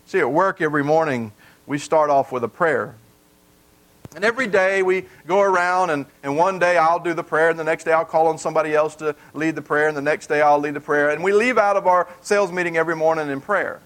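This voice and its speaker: A man's voice: fairly high pitch, brisk, fairly bright tone, rough recording. A male pastor preaching a conversational sermon in a plain, folksy way, earnestly repeating key points for emphasis.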